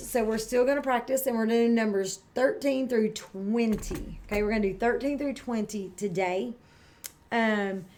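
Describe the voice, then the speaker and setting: This kindergarten teacher is a middle-aged woman whose voice sits on the high side with a darkish tone. Her read-aloud classroom lesson is friendly and patient, addressed straight to young children.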